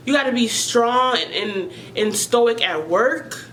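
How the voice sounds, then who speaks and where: A woman's voice: on the high side, lively intonation, takes it slowly, fairly bright tone, a little hiss or hum, poor audio. A woman vlogger talking earnestly and emotionally to her viewers about mental health, often repeating herself as she searches for words.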